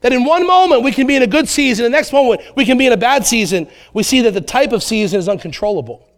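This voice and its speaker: Male pastor, thirties, high voice, animated sermon delivery with acted-out asides. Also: fast talker.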